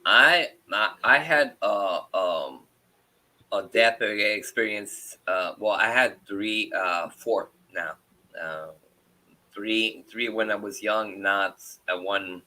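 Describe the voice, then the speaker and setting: A middle-aged man hosting a paranormal chat, telling a personal story in a halting way with many restarts. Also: on the low side, pushed and bright, rough recording. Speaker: paranormal show host. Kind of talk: casual storytelling.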